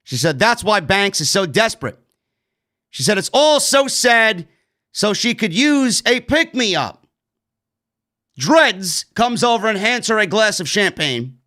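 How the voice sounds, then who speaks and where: Brash New York guy with a high, bright voice, sarcastic, swearing, ranting through a show recap. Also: very animated, measured pace. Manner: blunt, sarcastic, swears, rants. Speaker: wrestling show reviewer. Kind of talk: casual recap commentary.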